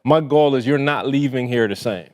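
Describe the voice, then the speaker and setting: A man's voice: medium pitch, moderate pace, darkish tone. An earnest man chatting on a podcast, laughing easily between points. His voice sits mid-range, and a long hall echo trails behind it. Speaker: podcast co-host. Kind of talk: casual conversation.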